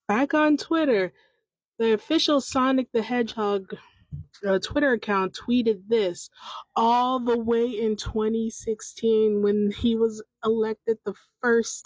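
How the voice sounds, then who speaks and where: A woman in her thirties riffs without a script, her thoughts tumbling out in loose, restarting sentences. She speaks at an unhurried pace into a close home microphone with a completely dry sound. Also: a little high, dry recording, rough recording. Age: 30s. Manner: rambling, stream-of-consciousness, frequent restarts. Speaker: podcast host. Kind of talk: unscripted casual commentary.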